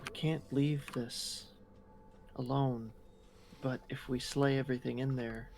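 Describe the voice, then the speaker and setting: A man playing a tabletop game who talks in a measured way and keeps the group on track. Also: medium pitch, level tone, vocal fry, darkish tone, a little hiss or hum. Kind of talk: casual tabletop game chat.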